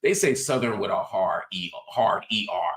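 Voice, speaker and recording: A man's voice: low-pitched, big pitch swings, moderate pace, a bit bright, echoey room. A man hosting a political commentary show, teaching in an emphatic, preacher-like cadence. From United States. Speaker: host.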